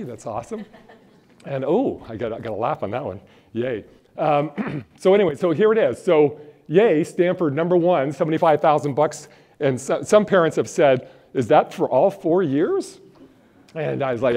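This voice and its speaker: A jokey college financial aid presenter from Phoenix, Arizona, leads a live workshop in an event room with an audience, speaking into a handheld or stand mic. His voice is fairly high and a little mellow, and he rambles while chatting with the crowd.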